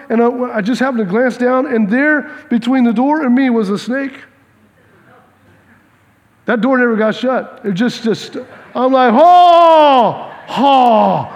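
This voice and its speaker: A male pastor preaching an animated sermon, often repeating words and acting out dialogue. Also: extremely high pitch, highs cut off. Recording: long reverb of a large hall.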